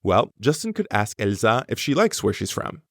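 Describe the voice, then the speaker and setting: A man teaching a language lesson, pronouncing words slowly and carefully for learners. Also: lowish voice, very animated, vocal fry, fairly bright tone, dry recording, clean studio sound. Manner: slow, careful pronunciation for learners. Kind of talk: scripted lesson narration.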